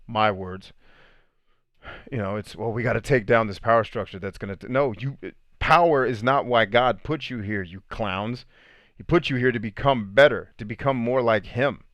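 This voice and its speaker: Blunt, opinionated man with a low voice. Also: normal speed, a bit bright, no echo, studio quality. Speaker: podcast host answering live comments. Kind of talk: livestream chat.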